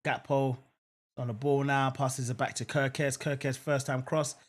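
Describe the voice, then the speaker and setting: A young man hosting a live football watchalong, commentating on play and chatting casually with viewers, with lots of fillers and sudden excited outbursts. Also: mid-range voice, moderate pace. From England. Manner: casual, repeats phrases, lots of "um" and "I'm not gonna lie"; jumps to excited exclamations at near-misses. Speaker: live match watchalong host.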